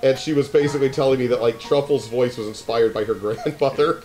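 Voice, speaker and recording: A man's voice: mid-range voice, steady tone, brisk, darkish tone, soft background music, rough recording. A man hosting a casual group let's play, rambling and joking and often correcting himself. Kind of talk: casual group game commentary.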